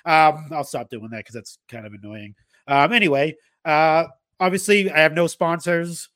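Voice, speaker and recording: In a slightly higher-than-usual male voice with a bit of brightness, a podcast host rambles casually, restarting often and leaning on fillers. The sound is close and dry, without echo.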